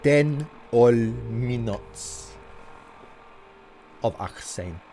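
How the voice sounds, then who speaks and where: A man's voice: mid-range voice, lively intonation, very slow, mellow, slight background noise. A man streaming a video game and commenting on it in a put-on French-German accent, speaking in a stiff, formal, playful way. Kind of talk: casual gameplay commentary.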